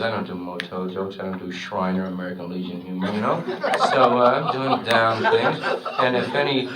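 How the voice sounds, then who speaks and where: A man's voice: fairly low pitch, level tone, moderate pace. A male comedian in his thirties telling a stand-up story in a rambling, conversational way. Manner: rambling, conversational, peppered with "you know". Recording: distant, noisy old live recording.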